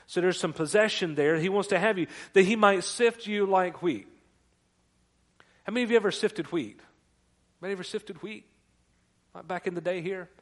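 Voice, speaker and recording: Man preaching in a higher register. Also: a bit bright. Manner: conversational preaching with repeated restarts. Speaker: pastor. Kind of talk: sermon.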